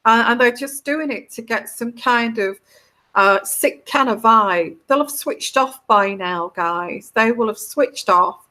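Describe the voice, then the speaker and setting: Slow, bright-voiced woman chatting. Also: on the high side, expressive. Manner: rambling, heartfelt, with frequent restarts and put-on quoted voices. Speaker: tarot reader hosting a live stream. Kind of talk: live-stream chat to viewers.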